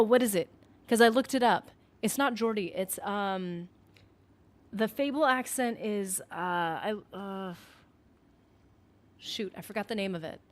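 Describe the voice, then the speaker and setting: A woman's voice: fairly high pitch, fairly bright tone. A woman from the northern United States chatting casually on a game stream, rambling with lots of "like" and breaking off mid-thought while reading out viewer comments. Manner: rambling, chatty, full of "like" and self-interruptions; reads viewer comments aloud. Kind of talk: casual live-stream chat.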